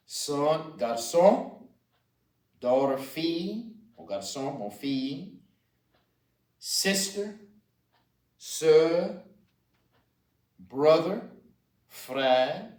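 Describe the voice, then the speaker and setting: Louisiana man, patient teacher, repeats words slowly; roomy sound, set back from the mic. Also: fairly high pitch, expressive. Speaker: Cajun French teacher. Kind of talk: slow spoken language lesson. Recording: roomy echo, distant mic.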